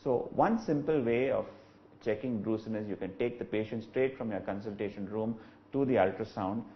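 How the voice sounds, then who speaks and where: A man, an eye doctor, giving a clinical webinar lecture in a measured, explanatory way with frequent "uh" fillers. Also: on the low side, muffled recording. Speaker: ophthalmologist lecturer.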